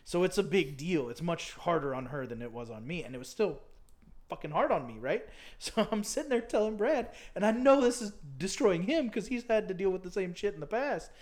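A man's voice: sits high, expressive, brisk. A young man co-hosting a casual podcast, talking loosely with lots of fillers and restarts. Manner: filler-heavy, rambling with many likes. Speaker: podcast co-host.

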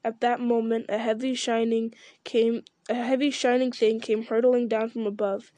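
A woman reading a novel aloud at a steady pace, with small slips and restarts. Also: fairly high pitch, normal speed, no room sound. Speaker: reader.

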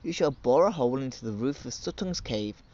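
Man doing a cunning old god, stern, commanding, mid-pitched, muffled recording. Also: lively intonation, fairly quick, mellow, lightly acted.

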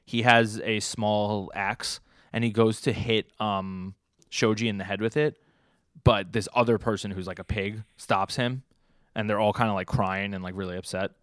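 A man's voice: lowish voice, fairly even intonation, moderate pace, a bit bright, smooth, dry recording, clean studio sound. Young man rambling through a comic recap. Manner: loose and rambling, full of "like" and self-corrections. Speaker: podcast co-host. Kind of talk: casual chat recapping comics.

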